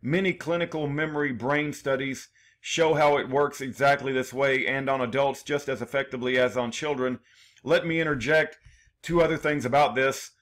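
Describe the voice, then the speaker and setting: A man's voice: medium pitch, fairly even intonation, normal speed, a bit bright. A man reading his own prepared statement in numbered points, earnest and aggrieved, with small restarts. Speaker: defendant telling his case.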